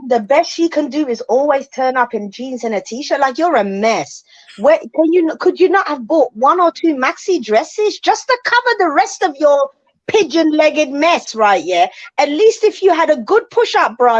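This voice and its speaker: A woman co-hosting a reality show review in a high, lively voice, piling on emphatic repetitions as she gossips. The recording is dry and somewhat dull. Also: no echo. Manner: animated, emphatic, repeats phrases for effect. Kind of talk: casual gossip chat.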